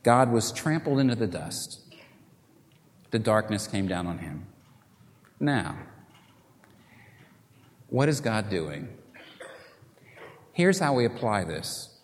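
A man preaching a sermon, swinging from loud, urgent appeals down to hushed, quiet lines. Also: on the low side, big pitch swings, takes it slowly, pauses often, long reverb tail.

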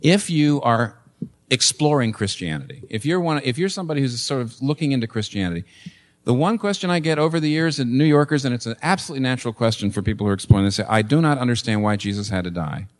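A man's voice: medium pitch, very animated, fast. A man preaching a sermon as pastor, emphatic, repeating phrases and asking rhetorical questions. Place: church.

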